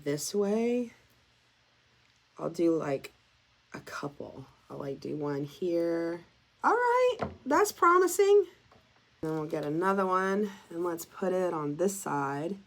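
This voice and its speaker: A woman's voice: fairly low pitch, slow. Chatty woman crafting and thinking aloud. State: sniffling. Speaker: craft vlogger. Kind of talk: casual DIY commentary.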